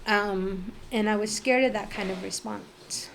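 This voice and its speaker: Speaking a little slowly in a creaky, mid-range voice with a steady tone, a middle-aged woman shares her personal life story as a guest on a podcast. She's emotional and frank, filling her speech with "like" and swearing bluntly now and then, over slight background noise.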